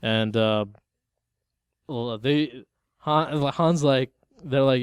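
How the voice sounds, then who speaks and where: A man's voice: medium pitch, very slow, long pauses, clean tone, dry recording. Laid-back young man retelling a movie. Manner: loose, animated retelling with lots of "like" and "yo", breaking into laughter. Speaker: podcast co-host. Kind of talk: casual movie discussion.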